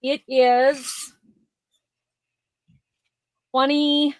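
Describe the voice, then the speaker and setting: Woman, rambling live-sale seller; higher voice, dry close sound. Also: little pitch movement, extremely slow, dry recording, rough recording. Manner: chatty, rambling, laughs easily. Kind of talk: casual live auction chat. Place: home, near her garage.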